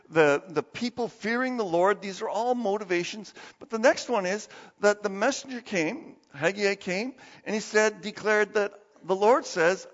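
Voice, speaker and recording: A male pastor preaching a sermon in a lively, conversational way, acting out the quoted voices as he goes. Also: high-pitched, big-room sound, dull audio. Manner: animated, acts out quoted voices.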